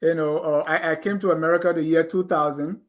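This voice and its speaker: A man hosts a talk show and puts measured, thoughtful questions to his guest. His voice sits somewhat high for a man, and he speaks without hurry. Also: steady tone. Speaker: host.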